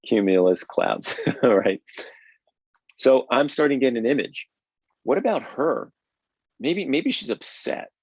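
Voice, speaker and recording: A man with a lowish, darkish voice hosts and teaches a live drawing lesson, talking energetically and conversationally and often checking in with "right?" The stream audio is dull, lo-fi and dry.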